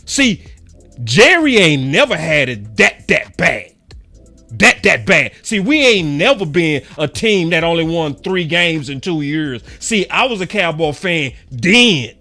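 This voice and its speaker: A man's voice: a little high, sing-song, unhurried, bright, forceful tone, soft background music. A man in his forties, a sports fan commentator, giving a passionate and repetitive rant to camera with preachy emphasis.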